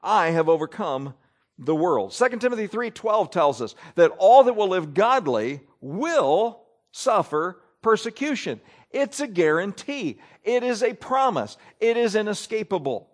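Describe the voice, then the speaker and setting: A pastor preaching a sermon in church, reading Scripture aloud with emphatic rises and drops. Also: male voice, high voice, big pitch swings, unhurried.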